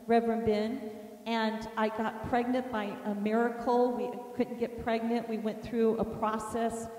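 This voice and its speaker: A woman teaching a class, telling a personal story in an animated, emphatic way. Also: on the high side. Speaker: teacher of an inner healing course. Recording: echoey hall from far off.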